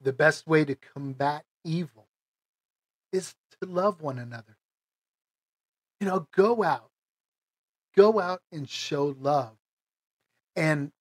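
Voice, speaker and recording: A middle-aged American man tells a personal story to his viewers in a slow, emotional, halting way. His voice sits a bit high for a man and has a husky edge. The sound is dry and close, with no room around it. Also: dry recording. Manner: emotional, halting, with many restarts. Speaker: vlogger.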